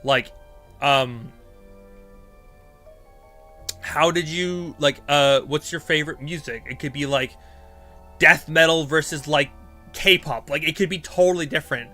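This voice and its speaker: Male streamer, casual and chatty, bright tone, talks in loose filler-laden bursts. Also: a little high, normal speed, faint music behind. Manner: rambling and filler-heavy, thinking aloud. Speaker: streamer giving character-writing advice. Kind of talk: casual live-stream chat.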